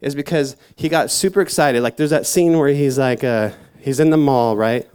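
A man's voice: mid-range voice, normal speed, darkish tone, clean tone. Man in a mid register, preaching loosely to young people, meandering and self-deprecating. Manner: rambling and self-mocking, lots of fillers. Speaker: youth church speaker. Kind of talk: casual sermon talk.

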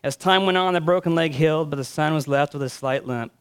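Smooth-voiced male pastor telling a story. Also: on the high side. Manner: storytelling with swells and hushed endings; reflective, with pauses and fillers. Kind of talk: sermon.

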